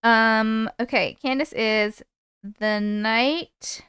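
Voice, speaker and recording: Lively high-voiced woman chatting on a livestream. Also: normal speed, clean tone, no room sound, studio quality. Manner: chatty, animated, swears freely. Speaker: host reading viewer stories. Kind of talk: casual live-stream chat.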